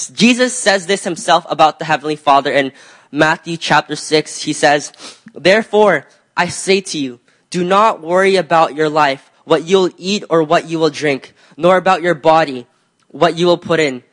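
Young guy preaching, high voice, chatty and loose, lots of you know's. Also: a bit bright. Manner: conversational, many "you know" fillers and restarts. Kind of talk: sermon.

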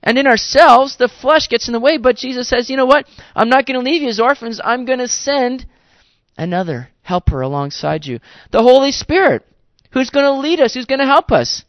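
A man preaching a sermon in a conversational, animated way, with playful asides to the congregation. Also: very high voice, moderate pace, no room sound, muffled recording. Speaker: pastor.

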